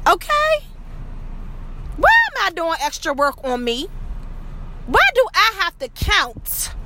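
A woman's voice: high voice, pushed and bright, slight background noise. A woman delivering a scolding monologue rant, peppered with profanity and repeated questions.

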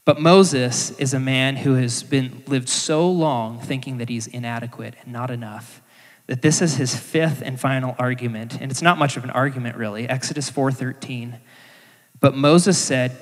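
A male preacher delivering a sermon in a conversational, emphatic way. His voice sits at an ordinary middle pitch. It rings out with a long echo through a church hall. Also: steady tone, moderate pace. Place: church sanctuary.

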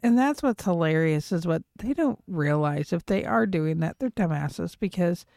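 A woman's voice: lowish voice, expressive, normal speed, darkish tone, no echo, studio quality. A woman from Oklahoma with a slight twang, co-hosting a casual podcast, blunt and chatty with casual swearing. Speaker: podcast co-host. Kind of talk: casual chat recapping reality TV.

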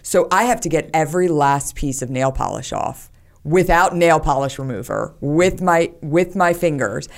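A woman's voice: low-pitched, lively intonation, moderate pace. A woman, a podcast guest, talking candidly in a casual conversation, with many fillers. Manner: candid, talks openly about her anxiety with many fillers.

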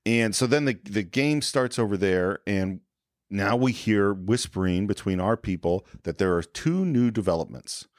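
Lively, low-voiced man recapping a film. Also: normal speed, dry recording, studio quality. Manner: retells scenes, briefly acting out quoted lines. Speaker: podcast co-host. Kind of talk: casual film discussion.

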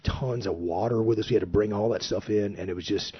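A man's voice: on the low side, fairly quick. A man, a former Navy officer, telling stories casually and animatedly on a podcast, acting out what others said. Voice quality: husky. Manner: animated, acts out quoted remarks in his telling. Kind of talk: casual storytelling. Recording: dull lo-fi recording.

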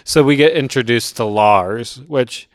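A young man co-hosting a movie podcast, recapping scenes in a relaxed storytelling way. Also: mid-range voice, measured pace, dry recording, clean studio sound. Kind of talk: casual chat.

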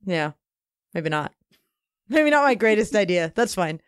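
A woman in her thirties co-hosts a casual podcast in a smooth, clean voice. She sounds easygoing and laid-back, recorded close and dry with no room sound. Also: medium pitch, very animated, a little slow, no echo. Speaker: podcast co-host. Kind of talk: casual chat.

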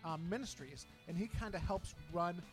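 A man's voice: high-pitched, normal speed, faint music behind. A man co-hosting a podcast in casual chat, speaking earnestly in simple phrases with fillers. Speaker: podcast co-host.

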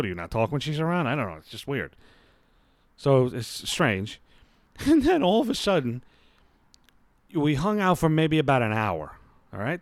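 A podcast host in his thirties, lying on his bed at home, tells a rambling, self-mocking story packed with swearing. His mid-range voice comes through with no room sound.

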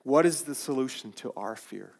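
A man preaching a sermon, slow and deliberate, often restarting his phrases. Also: medium pitch, lively intonation, vocal fry, long reverb tail.

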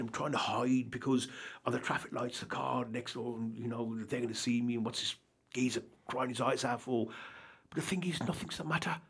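In an interview, this charity founder earnestly recounts his personal story, wandering off on tangents and often checking he's understood with "do you understand?" He speaks in a husky, medium-pitched voice.

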